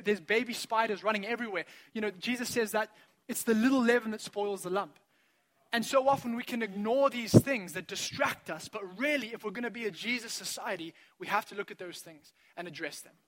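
A middle-aged man preaching a sermon, telling a funny family story in an animated, self-mocking way before drawing the lesson. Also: high voice. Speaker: pastor.

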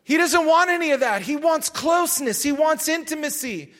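A man preaching a sermon to his church, emphatic, repeating his phrases and sometimes raising his voice to a shout. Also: extremely high pitch, expressive, normal speed.

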